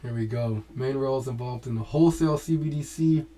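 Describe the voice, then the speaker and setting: A man's voice: medium pitch, brisk, mellow, slight background noise, low-quality recording. A man giving casual crypto commentary, thinking aloud as he reads from his screen and restarting phrases.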